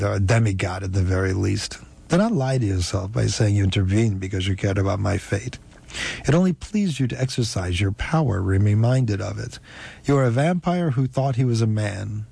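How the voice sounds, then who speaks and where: A man reading an audiobook, voicing a weak, wounded enslaved man who speaks slowly and deliberately. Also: lowish voice, gravelly, darkish tone, breathy edge. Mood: defiant. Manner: slow, deliberate, halting. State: weak and parched. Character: dying enslaved man, defiant and resolute.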